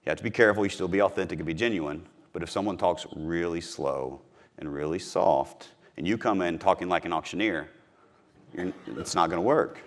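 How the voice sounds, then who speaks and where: A man's voice: low voice, a little fast. A middle-aged man from Missouri giving a punchy, emphatic motivational talk on sales, repeating his key phrases. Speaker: podcast host teaching sales.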